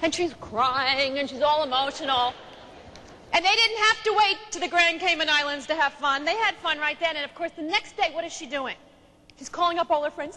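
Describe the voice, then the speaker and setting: A woman's voice: high-pitched, fairly quick, big-room sound, background noise. A woman giving an emphatic, storytelling seminar talk on relationships. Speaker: relationship speaker.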